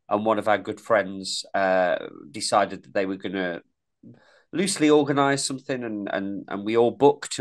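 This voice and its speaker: This man co-hosts a podcast, his medium-pitched voice fairly bright and carrying a mild East Midlands accent, since he's from the East Midlands of England. His chat is casual and rambling, full of restarts and repeated words.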